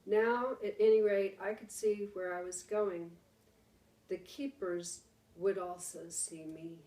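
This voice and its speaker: A woman teacher reading a storybook aloud to her class, slow and dramatic, with hushed pauses. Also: medium pitch, fairly even intonation. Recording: roomy, distant mic.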